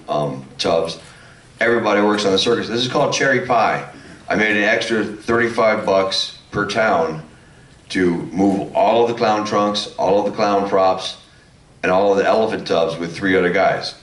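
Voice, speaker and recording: A former circus clown on a convention panel telling a long anecdote, rambling with restarts and self-mocking laughs. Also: male voice, fairly low pitch, a bit bright. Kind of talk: telling a funny anecdote to an audience. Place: convention hall. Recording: echoey hall, mic some distance off.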